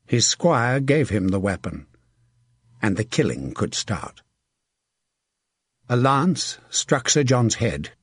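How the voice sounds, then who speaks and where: A man reading an audiobook aloud in a measured, dramatic narrating style. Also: medium pitch, breathy edge, dry recording, studio quality. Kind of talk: scripted narration.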